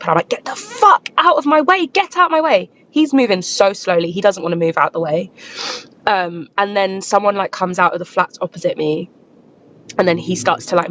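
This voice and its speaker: A woman's voice: on the low side, fairly bright tone, a little hiss or hum. Young woman telling her scary story, shaky and rambly, kinda muffled lo-fi audio. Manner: shaken, breathless retelling full of fillers. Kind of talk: casual first-person storytelling to camera. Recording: slightly dull lo-fi recording.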